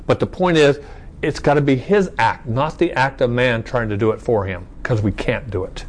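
A slight hiss or hum runs through this low-quality recording of a man teaching Bible study. He speaks in a mid-range voice at a moderate pace, reading verses aloud, restarting phrases, asking rhetorical questions, and checking in with "okay?".

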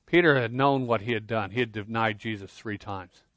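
A man preaching a sermon, earnest, swinging between loud emphasis and quiet intensity, often repeating words as he starts a phrase. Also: on the low side, normal speed, no echo. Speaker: pastor.

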